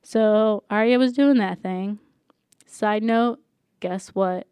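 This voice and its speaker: A young woman talks through a TV recap in loose, casual chat, peppering her sentences with "like" and slipping into the characters' lines as she goes. Her voice is smooth and clear, and the sound is close and dry. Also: medium pitch, slow, dark tone, no echo. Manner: chatty, lots of "like", acts out characters' lines. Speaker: podcast co-host.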